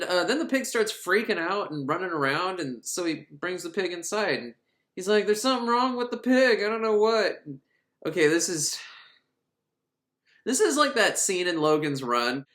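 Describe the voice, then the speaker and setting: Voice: medium pitch, fairly bright tone, reverberant. A film reviewer recapping a movie in a casual, sarcastic, comedic way, often laughing.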